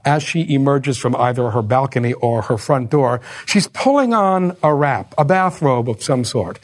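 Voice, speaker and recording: A man giving a lecture on opera, explaining scenes in a wry, conversational way with ironic asides. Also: fairly high pitch.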